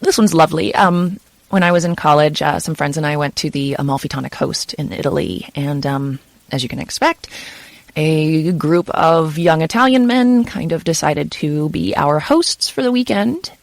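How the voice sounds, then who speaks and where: A woman's voice: low voice, normal speed, creaky, no echo. A woman who narrates audiobooks, chatting loosely in an interview with lots of fillers like "kind of" and "you know". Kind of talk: casual interview answers.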